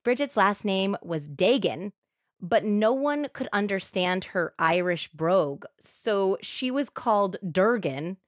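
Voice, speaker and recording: A woman co-hosting a podcast, telling a true crime story in an animated, expressive way. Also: medium pitch, unhurried, few pauses, no echo, studio quality. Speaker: podcast co-host.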